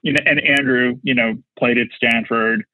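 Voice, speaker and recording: In a dry, dull lo-fi recording with no echo, a man with a medium-pitched, sharp voice keeps a steady tone at normal speed. He's a marketing executive guest on a podcast, casually rambling through an anecdote with constant "like"s and "you know"s.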